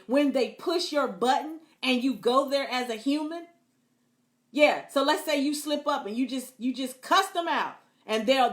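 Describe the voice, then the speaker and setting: A woman Christian counselor giving a lively, preacher-like teaching talk, acting out abusers' taunts and calling listeners "beloved". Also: sits high, moderate pace.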